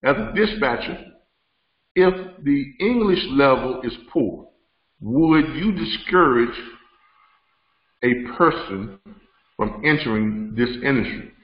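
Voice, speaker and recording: A man's voice: medium pitch, expressive, takes it slowly, pauses often. Man hosting a roomy lo-fi webinar. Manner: conversational, repeats words, laughs often, addresses audience as y'all. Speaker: host. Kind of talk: live webinar teaching and Q&A. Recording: roomy, dull lo-fi sound.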